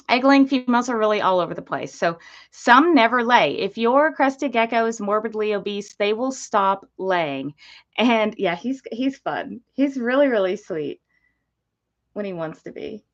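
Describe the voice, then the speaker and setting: A woman's voice: medium pitch, dull audio. A woman hosting a casual livestream about geckos, chatty and easily distracted, talking to viewers. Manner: chatty, easily distracted, baby-talks to her parrot. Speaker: livestream host and gecko breeder.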